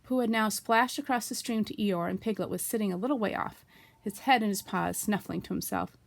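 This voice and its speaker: A woman reading a children's book aloud in a gentle, unhurried storytelling manner. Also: mid-range voice, gravelly. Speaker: storybook reader.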